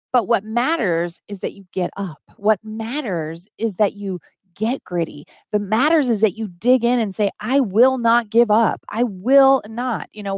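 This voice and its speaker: A woman's voice: mid-range voice, no echo. A middle-aged woman hosting a motivational live stream, talking to her viewers and getting teary as she speaks. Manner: emotional, reads chat names aloud, gets teary.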